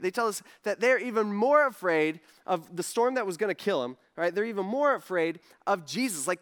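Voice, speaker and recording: A man's voice: high voice, a bit bright. A man preaching a sermon in a casual, conversational way, acting out the lines of the people in his story. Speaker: pastor.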